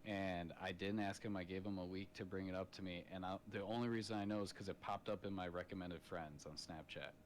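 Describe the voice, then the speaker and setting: A man's voice: low voice, steady tone, fairly quick, hardly any pauses, a little hiss or hum. A man in his thirties, a father, chatting on a podcast in a blunt, profane storytelling manner. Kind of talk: casual podcast chat. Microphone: podcast microphone.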